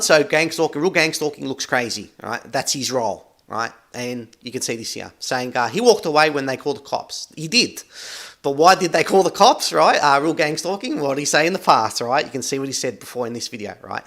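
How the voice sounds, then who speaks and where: A man's voice: mid-range voice, fairly bright tone. A man giving accusatory commentary over a video, repeating "right?" after nearly every phrase. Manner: accusatory, emphatic. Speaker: commentary channel host.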